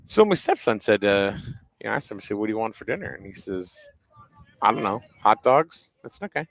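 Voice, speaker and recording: A man calls a baseball game outdoors on a cold, windy day, drifting into relaxed stories and easy jokes. His voice is gravelly and his pitch swings widely as he talks. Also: a little fast, no room sound. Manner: chatty storyteller, easy joking. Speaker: baseball play-by-play commentator. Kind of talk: casual sports commentary.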